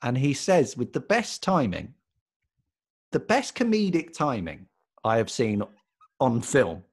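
A British man with a husky, slightly rough voice tells a story on a podcast. His pitch swings widely as he builds up to the funny part. He talks in a loose, casual way and laughs often along the way. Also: sing-song, a little slow. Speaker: podcast co-host. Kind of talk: casual chat.

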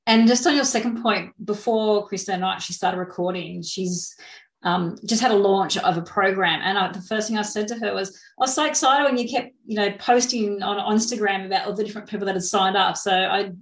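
A woman with a gravelly edge to her mid-pitched voice, hosting a podcast. She speaks keenly and casually, with lots of "you know". The sound is roomy and echoey. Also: brisk. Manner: enthusiastic, chatty, lots of fillers. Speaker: podcast host. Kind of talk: casual interview chat.

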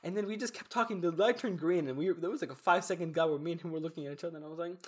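A young man in casual podcast chat, telling stories in an animated way and acting out what other people said. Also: a little high, racing, slightly rough. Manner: animated storytelling, acts out quoted voices. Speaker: podcast co-host.

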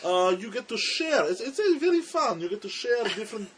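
A man co-hosting a casual comedy podcast, delivering dry, deadpan jokes. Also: sits high, fairly quick, husky. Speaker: podcast co-host.

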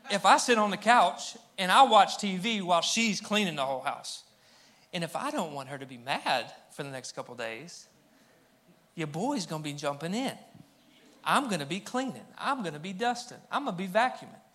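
A young man preaches to a church crowd in a loose, joking way. His voice sits a little high and sounds bright and forceful. He talks straight to the listeners like he's chatting with friends. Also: very animated, normal speed. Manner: humorous, conversational, addresses the crowd directly. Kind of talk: sermon to a live congregation. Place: church hall with audience.

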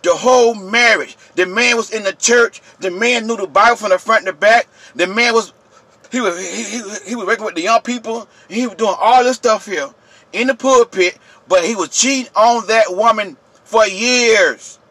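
Man with aave yelling at his viewers, high bright voice, dry sound. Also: normal speed, dry recording. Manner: yelling, preachy, repetitive, addresses viewers directly. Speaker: channel host. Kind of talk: impassioned vlog rant.

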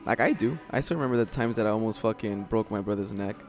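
A man hosting a podcast in casual chat, relaxed, reacting with blunt swearing. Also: lowish voice, fast. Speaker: podcast host.

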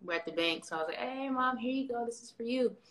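Woman on a livestream, animated slangy storytelling, bright voice, echoey room. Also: a little high, quick pace, slight background noise. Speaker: livestream guest. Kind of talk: casual livestream chat.

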